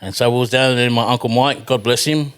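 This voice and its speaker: Aussie bloke rattling off footy stories real quick, lots of ums and you-knows. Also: male voice, medium pitch, fairly even intonation, a bit bright, smooth. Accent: Australian. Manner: rambling, many fillers and restarts, swears freely. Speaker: podcast guest. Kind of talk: casual storytelling chat.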